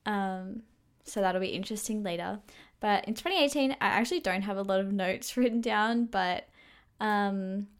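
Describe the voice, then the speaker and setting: A chatty woman co-hosts a casual podcast and laughs easily. She often stops to correct her dates and second-guess herself, at a middle pitch for a woman. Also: normal speed, clean tone. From Australia. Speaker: podcast co-host. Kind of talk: casual chat.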